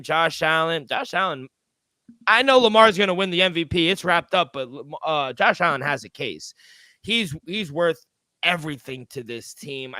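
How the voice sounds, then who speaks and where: A man's voice: medium pitch, sharp tone, dry recording. A man co-hosting a sports betting podcast, talking emphatically and swearing freely as he gives his picks. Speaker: co-host.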